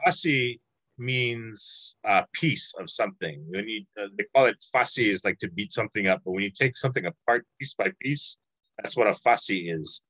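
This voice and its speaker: A man's voice: on the low side, fairly quick, fairly bright tone, breathy edge, no echo, rough recording. A man teaching a language class over a video call, patient and encouraging, drawing out words as he explains.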